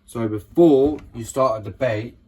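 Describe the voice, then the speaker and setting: A man's voice: mid-range voice, a little slow, a little mellow, a little hiss or hum. A man giving casual Bible teaching, reading scripture verses aloud and often checking in with his listeners. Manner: conversational, keeps checking in with listeners.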